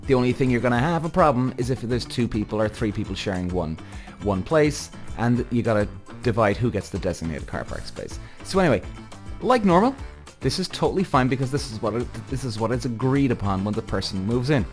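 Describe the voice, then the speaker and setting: A man's voice: medium pitch, animated, fast, a little mellow, soft background music. A man hosting a podcast, telling a story in an exasperated rant full of swearing. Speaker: podcast host. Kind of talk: ranting podcast monologue.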